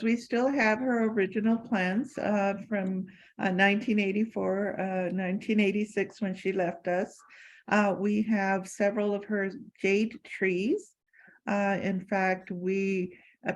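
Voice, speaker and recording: A woman's voice: medium pitch, poor audio. Older woman telling fond anecdotes. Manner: warm anecdotal, many fillers and restarts. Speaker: former assistant sharing memories. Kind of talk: lecture Q&A storytelling.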